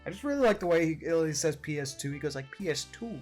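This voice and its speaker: A man's voice: on the high side, big pitch swings, fast, darkish tone, soft background music. A man hosting a podcast, chatting casually, laughing often and swearing a lot. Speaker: podcast host.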